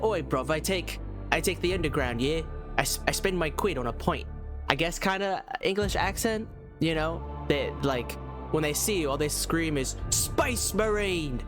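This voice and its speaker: A man giving a casual, rambling video game review, full of "like" and restarts. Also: fairly high pitch. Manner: rambling, lots of fillers.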